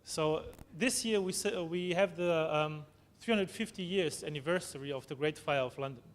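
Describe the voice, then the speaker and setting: A man giving a conference presentation, halting, with frequent restarts and tag questions. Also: on the high side. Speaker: conference speaker. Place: conference hall. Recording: long hall reverb, faint noise.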